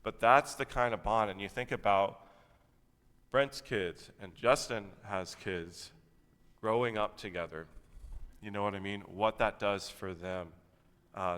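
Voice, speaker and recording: Guy in his 30s giving a sermon, laid back and rambly, um and uh a lot, smooth voice, big echoey church. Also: lowish voice, fairly bright tone. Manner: conversational, rambling with fillers. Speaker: preacher. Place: church sanctuary. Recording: long hall reverb.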